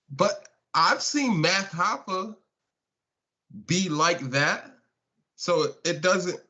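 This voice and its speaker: A man's voice: sits high, very slow, pauses often, sharp tone. A man hosting a live stream, talking casually and mocking his chat with laughs. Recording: dull lo-fi stream audio.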